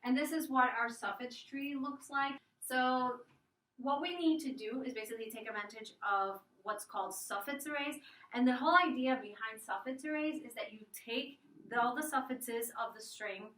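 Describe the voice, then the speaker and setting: Bright, echoey young woman explaining algorithms. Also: fairly high pitch, recorded from a distance. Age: young adult. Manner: casual, with fillers and restarts. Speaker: student presenter. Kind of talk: explaining an algorithm over slides.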